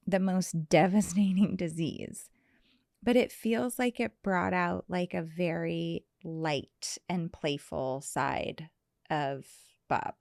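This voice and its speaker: A woman interviewer speaks slowly and gently. Her voice sounds dry and close, with no room echo. She asks her questions in an unhurried, caring way. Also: on the low side, creaky. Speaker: podcast host, interviewer. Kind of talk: interview, active listening.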